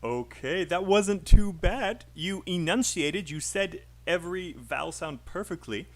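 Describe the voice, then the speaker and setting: A British man leads an online speaking lesson, his voice sitting a little high for a man. He coaches learners one by one with plenty of fillers and encouragement, in the easy rhythm of a teacher on a voice chat. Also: expressive, measured pace.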